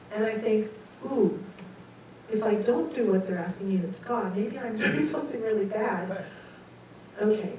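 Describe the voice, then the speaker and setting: A woman speaker telling a personal story to a group, animated and self-mocking, acting out the people in it. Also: mid-range voice. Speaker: guest speaker. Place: lecture room. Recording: echoey hall from far off, faint noise.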